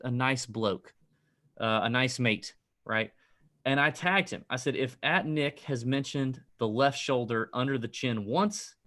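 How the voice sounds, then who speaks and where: A middle-aged man co-hosting a casual betting podcast, telling a rant with lots of energy. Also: mid-range voice. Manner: animated ranting storyteller. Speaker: podcast co-host.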